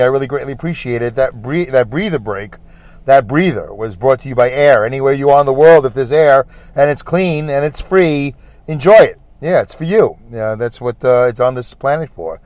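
A man's voice: mid-range voice, a little mellow, dry recording. A man with a Brooklyn accent hosting a rambling solo podcast, chatty, repetitive and self-deprecating. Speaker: podcast host. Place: in a parked car.

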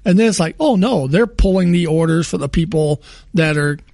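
A man co-hosting a podcast in casual chat, fighting a cold and clearing his throat, griping in a rambling, self-correcting way. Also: on the high side, normal speed, a little mellow, no echo, clean studio sound. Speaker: podcast co-host.

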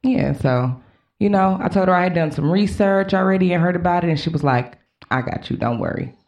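A woman's voice: lowish voice, brisk, darkish tone. A woman co-hosting a podcast, telling stories in a chatty way with plenty of fillers. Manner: chatty storyteller with frequent fillers. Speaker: podcast co-host. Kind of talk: casual chat.

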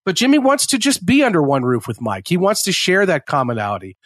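With a high-pitched, fairly bright voice that swings hugely in pitch, this podcast co-host speaks quickly as he chats about a TV episode. He slips into quoted character lines along the way, and the studio-quality recording is dry.

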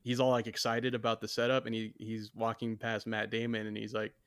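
A man's voice: on the low side, monotone, brisk, fairly bright tone, clean tone, no room sound. A man on a casual movie-review podcast who recounts favorite scenes in a rambling, hesitant way. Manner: rambling, hesitant storytelling with many "uh"s. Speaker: podcast co-host.

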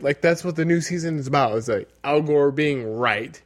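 A man's voice: on the high side, steady tone, brisk, few pauses. A young man co-hosting a podcast, bantering in a giggly, self-mocking way. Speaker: podcast co-host. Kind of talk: casual chat.

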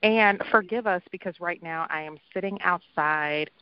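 A woman's voice: lowish voice, normal speed, clean tone, no echo, muffled recording. A woman hosting a podcast in a casual chat, upbeat and laughing easily, talking from outdoors. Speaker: podcast host.

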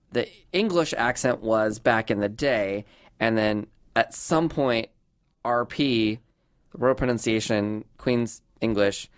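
A man from Southern California hosting a podcast, chatty and self-deprecating, saying "like" a lot. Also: mid-range voice. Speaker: podcast host. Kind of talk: casual podcast chat.

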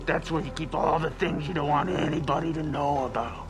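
A man's voice: on the high side, fairly even intonation, brisk, lightly acted. A man playing a creepy, mocking dream plumber. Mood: sinister, coaxing. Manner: mocking, teasing, sinister. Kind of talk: TV drama acting. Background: music.

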